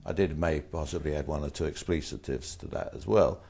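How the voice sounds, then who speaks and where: Very low-voiced older man telling anecdotes. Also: fast, gravelly, hardly any pauses, slightly rough. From Britain. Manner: blunt, animated anecdotes, voices rising in quoted retorts. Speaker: interviewee. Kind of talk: anecdotal storytelling.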